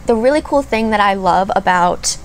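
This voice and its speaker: A woman in her thirties, a beauty vlogger, chats casually while doing her makeup in a get-ready-with-me vlog, rambling and gushing with plenty of fillers. Her medium-pitched voice is animated and moves at a moderate pace, with a slight hiss or hum in the background.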